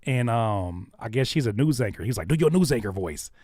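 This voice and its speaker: A man's voice: mid-range voice, expressive, brisk, mellow, breathy edge, no room sound, clean studio sound. A man hosting a live stream, chatting casually and talking straight to his viewers. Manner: laid-back, talks to chat directly. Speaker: host.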